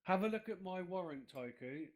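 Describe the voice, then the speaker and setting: A man's voice: high voice, lively intonation, moderate pace, a crowd in the background. Dry, matter-of-fact man. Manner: dry, matter-of-fact, then blunt insults. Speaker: creator of the role-play server. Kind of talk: casual chat.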